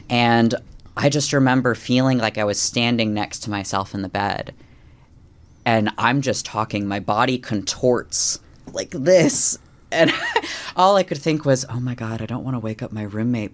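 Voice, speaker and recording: A man on a podcast as a guest, telling a personal spiritual story in a conversational way and acting out quoted lines with a lifted voice. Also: lowish voice. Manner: animated, acts out quoted lines in a raised voice; many fillers and restarts.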